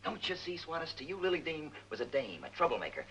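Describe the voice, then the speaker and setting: Tough police captain, pushy and fast, bright husky voice, lots of swing. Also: male voice, on the high side, wildly swooping pitch, exaggerated voice, low-quality recording. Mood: interrogating. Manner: forceful, pressing, rapid interrogator. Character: tough driven police captain, stubborn and hard-pressing.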